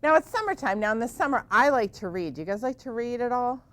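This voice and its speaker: A woman teaching yoga to children in a gentle, encouraging way, asking them lots of questions. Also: fairly high pitch, lively intonation, quick pace, no echo.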